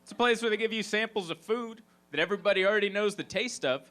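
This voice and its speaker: A male stand-up comedian telling a story to a live audience, swinging his voice into excited high squeals. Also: fast talker. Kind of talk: stand-up set. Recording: live club set with loud crowd noise.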